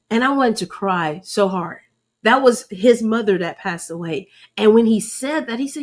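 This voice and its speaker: A woman's voice: mid-range voice, lively intonation, normal speed. A middle-aged woman, sharing a faith-based personal testimony in an earnest, preacherly way and calling her listeners y'all. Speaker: host.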